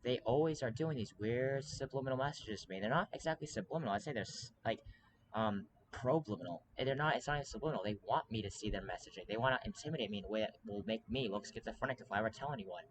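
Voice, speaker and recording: A man in a casual monologue to camera, rambling on with urgency and plenty of ums and restarts. His pitch sits in an everyday middle range. A steady noisy hiss runs behind him. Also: quick pace.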